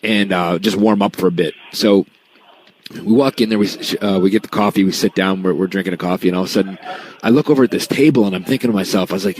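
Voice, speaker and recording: Lower-voiced male podcast host. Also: fast, slight background noise, low-quality recording. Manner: rambling, restarts a lot. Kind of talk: casual anecdote telling.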